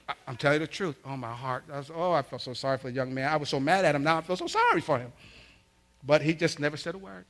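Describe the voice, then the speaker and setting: A middle-aged man preaching, telling a family story and acting out the voices with big swings in loudness. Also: fairly high pitch, expressive, quick pace. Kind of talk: sermon storytelling.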